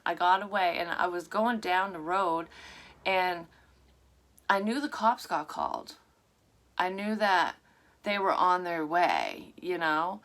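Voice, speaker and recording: Profane, rambling woman telling a dream. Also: lowish voice. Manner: animated, profane, rambling storytelling. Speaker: psychic medium vlogger. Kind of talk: casual storytelling of a dream. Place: her room at a tarot table.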